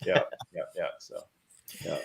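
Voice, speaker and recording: A man in his fifties, a filmmaker guest telling stories in a casual interview, animated and rambling with many restarts. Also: measured pace.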